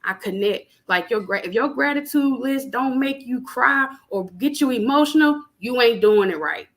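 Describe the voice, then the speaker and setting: A young adult woman in casual spiritual chat on a podcast, animated and preachy, talking plainly with lots of fillers. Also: fairly high pitch, normal speed. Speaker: podcast guest.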